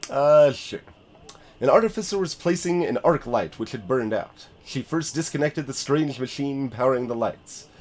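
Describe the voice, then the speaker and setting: A man's voice: medium pitch, animated, normal speed, a little mellow. A man streaming a story game, reading its narration aloud and chatting in a self-deprecating way.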